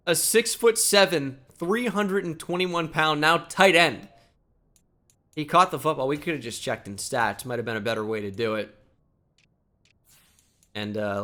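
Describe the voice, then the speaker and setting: Excitable high-voiced man calling a video game. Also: slight background noise. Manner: excitable play-by-play, shouting at big plays. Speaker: gaming YouTuber. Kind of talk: live game commentary.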